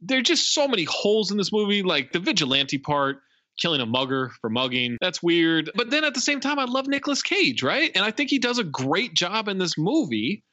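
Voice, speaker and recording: A man's voice: high voice, very animated, a little fast, pushed and bright, no echo, lo-fi sound. A man hosting a podcast, emphatic and opinionated in a casual movie review chat. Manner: emphatic, opinionated, laughs often. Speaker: podcast host.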